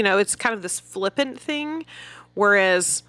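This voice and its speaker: A woman's voice: mid-range voice, expressive, bright, forceful tone, clean tone, no echo. A woman co-hosting a parenting podcast, chatting candidly about her own habits. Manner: candid, chatty, quick to laugh along. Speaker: podcast co-host. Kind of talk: casual podcast discussion.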